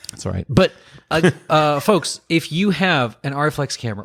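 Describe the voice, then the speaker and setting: A man's voice: fairly high pitch, animated, moderate pace, gravelly. A man co-hosting a podcast who talks earnestly and with enthusiasm. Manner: earnest, enthusiastic, with fillers and restarts. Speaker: podcast co-host. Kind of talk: casual podcast chat.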